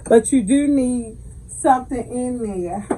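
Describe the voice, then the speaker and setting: A woman's voice: on the high side, slow pace, mellow, a little hiss or hum, poor audio. A woman with a Southern American accent hosting a home cooking tutorial in her kitchen, chatting folksily and calling her viewers baby. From Southern United States. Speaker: cooking channel host.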